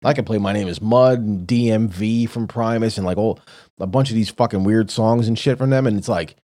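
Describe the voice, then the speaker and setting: A man's voice: fairly low pitch, a little fast, no room sound, clean studio sound. A man co-hosting a casual podcast chat, blunt and profane, telling stories with lots of energy. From lived in New York City. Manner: blunt, profane, animated storytelling. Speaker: podcast co-host.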